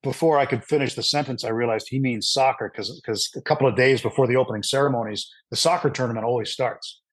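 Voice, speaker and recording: A middle-aged man, a sports broadcaster, telling a long anecdote in an interview with lively asides and frequent fillers. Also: medium pitch, fast talker, dry recording, rough recording. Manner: animated anecdotal storyteller with fillers. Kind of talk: storytelling in an interview.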